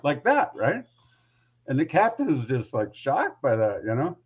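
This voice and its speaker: A man's voice: mid-range voice, very animated, measured pace, darkish tone, slightly rough, lo-fi sound. A man who is a podcast guest, telling a story casually and rambling with lots of asides.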